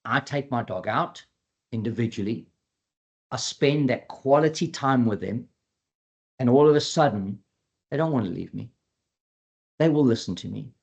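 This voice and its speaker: A man's voice: mid-range voice, normal speed, creaky, pauses often, lo-fi sound. A man who trains dogs giving an earnest educational webinar talk, repeating his key points and acting out quoted dialogue. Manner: acts out quoted dialogue in a lively voice. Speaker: dog behavior trainer.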